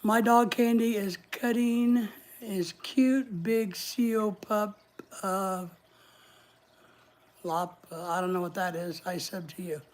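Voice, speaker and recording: A woman's voice: mid-range voice, slow pace, a little mellow. A woman hosting a casual livestream, chatting in a rambling way and reading viewer comments aloud. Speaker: livestream host.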